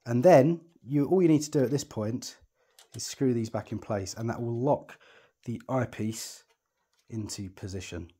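A mellow, medium-pitched male voice with a breathy edge proceeds at a moderate pace. He explains telescope setup one step at a time as he works, chatty and reassuring, and often thinks aloud during the hands-on tutorial.

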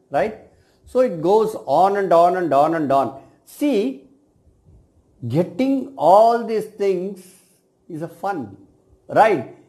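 A man, a cosmetic science lecturer giving a reflective video talk to his students, speaking in measured phrases that often end with "right?". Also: on the high side, a little mellow.

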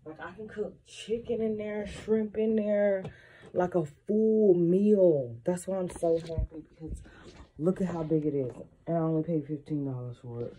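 A woman's voice: lowish voice, normal speed, mellow, breathy edge. A woman vlogging casually from her home kitchen, chatty and blunt, swearing freely and talking straight to her viewers. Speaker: lifestyle vlogger. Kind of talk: casual morning chat to viewers. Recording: home recording with noisy background.

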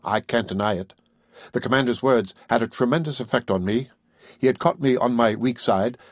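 A man reading a classic novel aloud as first-person audiobook narration, at an even, measured pace. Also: mid-range voice, husky, dry recording, studio quality.

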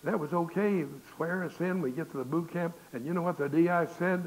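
A man's voice: fairly high pitch, brisk, poor audio. Older male pastor telling folksy stories. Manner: folksy, acts out the voices in his stories. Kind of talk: storytelling sermon. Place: church. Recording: hissy recording with faint noise.

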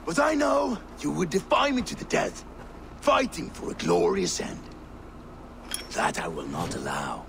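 An actor playing a cruel, mocking male viking warlord with a gravelly voice, in game audio with noise behind. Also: fairly high pitch, huge pitch swings, unhurried, exaggerated voice. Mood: taunting. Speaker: villain.

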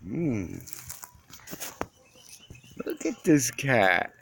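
A man's voice: mid-range voice, huge pitch swings, drawn-out words, creaky, a bit bright, breathy edge, no echo. A man filming and fussing over a cat he just met, talking to it in cooing baby talk, outdoors on a phone camera. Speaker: cat owner filming a stray.

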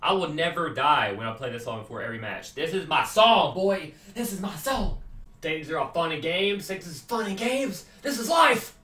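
A young man in a comedy skit, brashly trash-talking over game voice chat and swinging between yelling and mumbling. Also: on the high side, lively intonation, normal speed, recorded from a distance. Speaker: gamer. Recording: roomy echo, voice set back from the mic.

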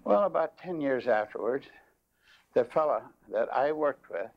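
An older man preaches a folksy sermon at an unhurried pace, his expressive voice carrying vocal fry. He tells a long personal story, his pitch rising as he narrates, on dull lo-fi tape.

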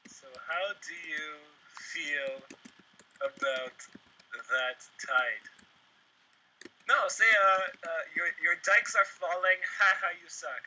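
A man's voice: a little high, slow, pushed and bright, a little hiss or hum, rough recording. A man chatting as a friend on a casual video, giggling and mocking along. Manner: giggly, mocking, reads text aloud. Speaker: co-host friend. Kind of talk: casual joking chat.

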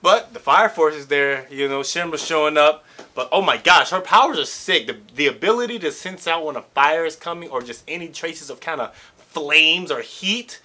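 A young man hosting an anime reaction, chatting casually in slang and breaking into excited shouts. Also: on the high side, normal speed.

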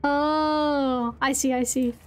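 Chatty young woman streamer, high voice. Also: steady tone, slow, soft background music. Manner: chatty, swears, answers chat. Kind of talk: casual gaming stream chat.

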